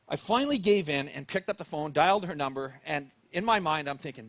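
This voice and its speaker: A man's voice: a little high, lively intonation, fairly quick, few pauses, fairly bright tone, no echo. A man with a Canadian accent preaching a sermon, telling a personal story and acting out his own thoughts and the people he quotes. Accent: Canadian English. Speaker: pastor.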